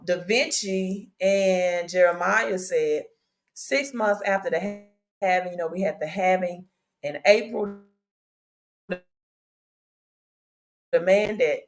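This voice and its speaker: A woman with a Southern US accent chats casually on her own livestream. Her voice sits at a middle pitch, and she talks in an upbeat, chatty way as she welcomes viewers over and over. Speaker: crypto livestream host. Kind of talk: casual live-stream chat. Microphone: own microphone.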